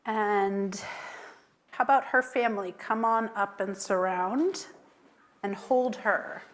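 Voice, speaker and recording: Slow, gentle woman rabbi leading a service. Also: mid-range voice. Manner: tender, chants Hebrew blessings. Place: synagogue sanctuary.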